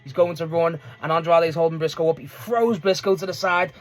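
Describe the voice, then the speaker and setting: A man giving a casual, rambling recap of a wrestling match, excitable and quick to laugh and swear. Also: fairly high pitch, faint music behind. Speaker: wrestling fan reviewer.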